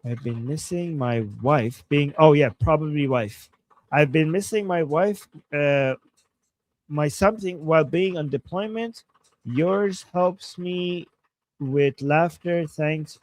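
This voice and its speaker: A man's voice: on the high side, takes it slowly, darkish tone. A man from Iran co-hosting a live stream, reading viewer messages aloud in a chatty, easygoing way and laughing easily. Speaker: livestream co-host. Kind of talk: casual live-stream chat.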